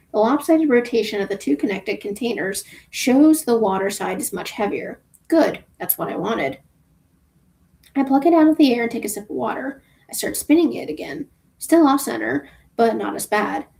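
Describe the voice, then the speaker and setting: A woman's voice: on the high side, gravelly, darkish tone. A woman reading a novel aloud for a book club, casual, with offhand asides about her own reading.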